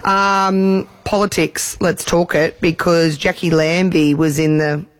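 Australian man, breakfast radio co-host, rambling chatter, slightly high voice. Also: level tone, slow. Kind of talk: casual banter.

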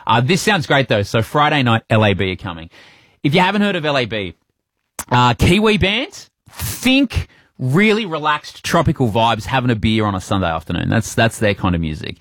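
A man's voice: medium pitch, very animated, moderate pace, fairly bright tone, no echo. A man hosting a breakfast radio interview, playful and jokey. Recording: dry studio mic.

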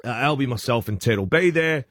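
An Australian man hosting a breakfast radio show, telling rambling, chatty anecdotes with quick restarts. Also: medium pitch, lively intonation, a bit bright, slightly rough, dry recording, studio quality. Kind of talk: casual radio banter, storytelling. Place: radio studio.

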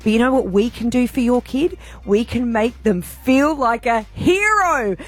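A woman radio host, speaking in a heartfelt, animated way about a charity appeal. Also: on the high side, measured pace, husky. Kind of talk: breakfast radio chat.

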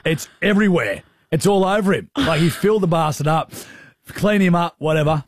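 A man's voice: a little high, brisk, dry recording, studio quality. An Australian man in his thirties, co-hosting a radio show and spinning a blokey story in casual banter. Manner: animated, blokey anecdote-telling. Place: radio studio. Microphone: studio microphone.

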